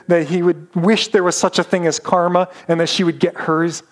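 A man preaching a sermon, telling a story dramatically and slowing down for emphasis. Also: high-pitched, level tone. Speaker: pastor.

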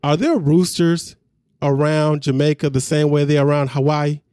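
A man talks through a reality episode in easy, chatty podcast fashion. His voice sits a bit high but sounds mellow and warm. The recording is close and dry. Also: fairly even intonation, moderate pace, no echo. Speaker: podcast co-host recapping a reality show. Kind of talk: casual chat.

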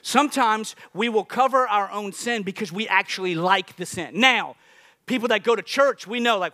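A pastor delivers a sermon with a high, bright voice. He is animated and jokes with the congregation as he makes his points. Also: moderate pace. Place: church.

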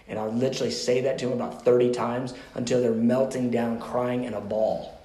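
A man's voice: mid-range voice, steady tone, fairly quick, mellow, roomy sound. A man teaching a sermon class as pastor, talking in a passionate, conversational way with restarts before closing in prayer.

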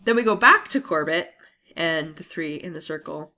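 A woman's voice: sits low, lively intonation, normal speed, sharp tone. A woman co-hosting a podcast, casually recapping a TV episode with rambling asides and laughs. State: coughing. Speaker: podcast co-host.

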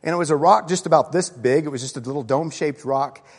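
A man's voice: fairly high pitch, fast, breathy edge, big-room sound. A middle-aged man preaching a sermon, earnest and personal, telling stories and reading scripture aloud. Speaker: pastor.

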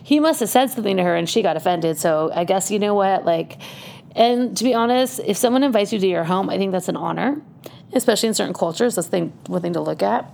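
Gravelly, chatty woman telling a story. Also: mid-range voice, expressive, quick pace, a little mellow, slight background noise. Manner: chatty, laughs often while telling. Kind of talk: casual personal storytelling.

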